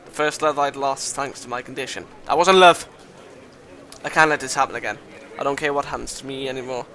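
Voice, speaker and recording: A man reading a visual novel aloud in a dramatic voice, breaking off with loud exclamations, swearing and joking asides. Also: mid-range voice, fairly even intonation, fast. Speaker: visual novel let's-play reader.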